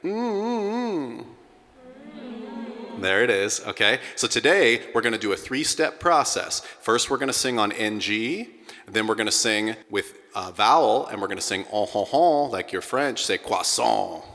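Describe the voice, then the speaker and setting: A man working as a vocal coach, leading a singing warm-up and encouraging his students between sung demonstrations. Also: lowish voice, normal speed. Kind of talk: guided singing warm-up lesson. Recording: echoey room with loud piano accompaniment.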